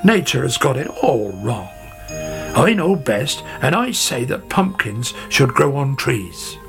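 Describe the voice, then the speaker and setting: A man's voice: medium pitch, sing-song, slow, gravelly, exaggerated voice. A man voicing a fussy, conceited old male gardener with grumbling exclamations, over background music. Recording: music playing under the voice.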